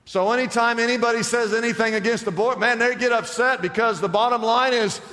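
A man's voice: very high voice, fairly even intonation, brisk, sharp tone, big-room sound. A man preaching a sermon as pastor, emphatic and firing off rhetorical questions to the congregation.

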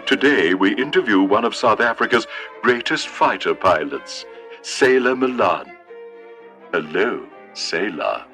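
A man's voice: lowish voice, lively intonation, a little slow, pushed and bright, faint music behind, exaggerated voice. A man playing a formal spoof interview host. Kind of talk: comedy sketch.

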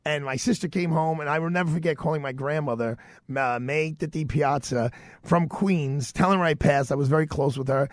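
Animated New man telling a story. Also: a little high, a little fast, no room sound, clean studio sound. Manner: animated, acts out the voices of people in his story. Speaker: radio show host. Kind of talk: personal storytelling on radio.

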